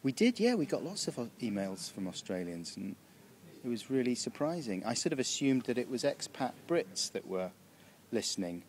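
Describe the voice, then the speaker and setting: A British comedian, interviewed in a backstage room, answers questions in a casual, rambling way, chuckling and often interrupting himself to restart sentences. His voice is medium-pitched and very animated, at a moderate pace, with slight background noise.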